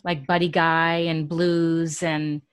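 A woman interviewing a guest in a casual chat, encouraging him and often answering with quick affirmations. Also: deep voice, level tone, smooth.

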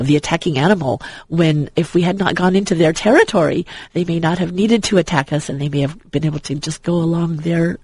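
A man's voice: fairly high pitch, darkish tone, slightly rough, rough recording. A man chatting as an enthusiastic movie fan, rambling with many restarts and fillers. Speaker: guest.

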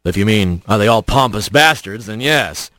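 A man doing a gruff, rumbling hawk sergeant. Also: animated, moderate pace, pushed and bright, no echo. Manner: low rumbling, curt and dry. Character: gruff male hawk police sergeant, stern.

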